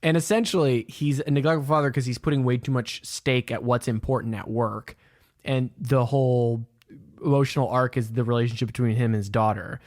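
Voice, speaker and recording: A man co-hosting a podcast, giving quick, opinionated takes on a film and laughing often. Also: mid-range voice, steady tone, darkish tone, no echo, clean studio sound. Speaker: podcast co-host. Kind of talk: casual film discussion.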